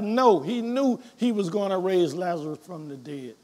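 A man preaching a sermon as pastor, reading scripture aloud and swinging between quiet reflection and loud emphasis. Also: high voice, moderate pace, few pauses.

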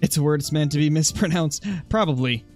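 A man's voice: fairly high pitch, fairly quick. A young man streaming a hunting game, chatting casually and answering his viewers' comments. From Oregon, USA. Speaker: gaming streamer. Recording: faint music behind.

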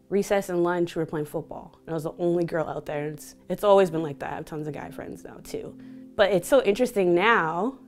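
A woman's voice: on the low side, a little mellow. A woman from Vancouver, a DJ and speaker, telling personal stories openly in an interview, often laughing. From Canada (Vancouver). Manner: open, reflective storytelling with frequent laughter.

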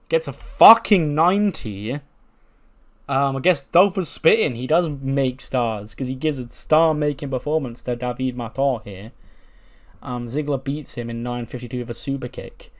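Man narrating a wrestling game. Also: medium pitch. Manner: casual, animated. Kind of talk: let's-play narration.

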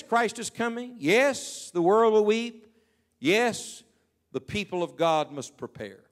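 A middle-aged man delivers a sermon from the pulpit. His voice sits somewhat high for a man. He moves through stories and often drops to a hushed tone when quoting others. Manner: storytelling preaching, quoting people in hushed tones. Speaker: preacher.

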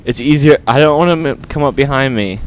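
A man commentating on his gameplay in a goofy, jokey way, with loud exclamations. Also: medium pitch, fairly quick, a little hiss or hum. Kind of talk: let's play commentary.

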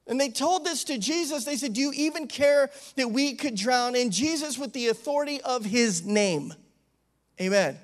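A man, an associate pastor, preaching a sermon in a conversational, animated way, with frequent asides and calls of amen. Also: very high-pitched. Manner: animated, acts out the disciples' pleading.

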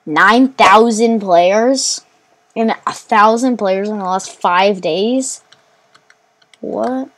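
A woman giving let's play commentary while gaming, excitable, rambling and quick to mock herself. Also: medium pitch. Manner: excitable, self-mocking, rambling. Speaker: gamer.

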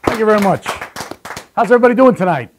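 A man's voice: high-pitched, expressive, fast talker, background noise. A man performing stand-up comedy, telling punchy one-liners on a live show.

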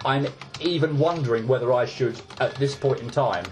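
A man's voice: medium pitch, moderate pace. A man giving casual gameplay commentary, ranting in exasperation and stumbling over repeated restarts. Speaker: let's play gamer.

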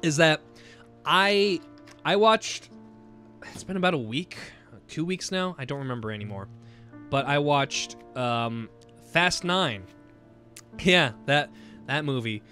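A man's voice: fairly high pitch, takes it slowly, pauses often, faint music behind. A young man hosting a casual gaming video, rambling and stammering as he chats, laughing often. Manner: excited whoops while playing. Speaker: gaming channel host. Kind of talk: casual let's-play commentary.

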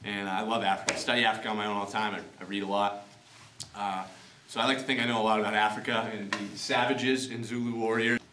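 A man's voice: on the low side, little pitch movement, bright, forceful tone, reverberant, recorded from a distance, a little hiss or hum. A man in a comic sketch playing an army instructor, talking eagerly and mocking himself. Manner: quick, eager, self-mocking. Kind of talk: comedic role-play.

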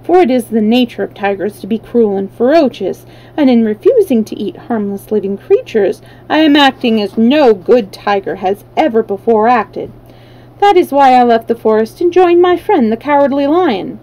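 A woman's voice: fairly high pitch, animated, normal speed, mellow, lightly acted, rough recording. A woman voicing a huge hungry tiger who reasons earnestly about not eating anyone. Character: hungry tiger with a gentle conscience.

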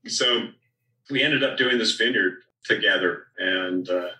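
Low-voiced man telling wine stories in an echoey room. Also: measured pace, bright, forceful tone, far from the mic. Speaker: winemaker guest. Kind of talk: relaxed storytelling in conversation.

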